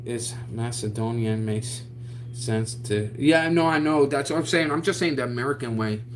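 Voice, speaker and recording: A man on a casual livestream who reads viewer comments aloud and chats in an excitable, slangy way full of restarts. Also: mid-range voice, moderate pace, a little hiss or hum. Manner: drawling slang with frequent restarts.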